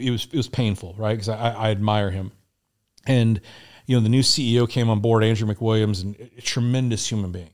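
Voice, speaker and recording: Middle-aged male guest, slightly low pitch, candid and salty storyteller. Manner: candid, profane, animated retelling. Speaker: podcast guest. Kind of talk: casual storytelling.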